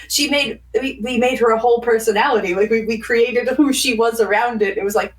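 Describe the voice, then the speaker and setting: A woman's voice: fairly high pitch, steady tone, brisk, hardly any pauses, distant mic, low-quality recording. A woman guest on a podcast, chatting casually in long rambling stretches with frequent laughs and fillers. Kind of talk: casual chat.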